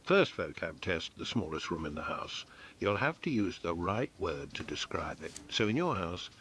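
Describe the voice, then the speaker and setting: A man's voice: low voice, big pitch swings, moderate pace, fairly bright tone, a little hiss or hum. A man narrating a documentary with wry, dry humor. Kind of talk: scripted narration. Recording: narration over background music.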